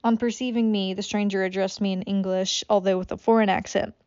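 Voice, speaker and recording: A woman's voice: medium pitch, fairly even intonation, brisk, darkish tone, clean tone, dry recording, lo-fi sound. A woman reading a classic novel aloud as an amateur audiobook, stumbling over words and breaking off for swearing asides. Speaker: audiobook reader.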